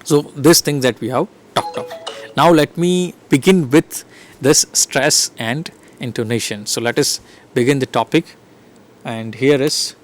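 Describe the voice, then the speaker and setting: A man with an Indian English accent giving an online lecture to teachers, pausing often with fillers and restarting his sentences. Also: medium pitch, slight background noise. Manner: hesitant, many fillers and restarts. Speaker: teacher educator.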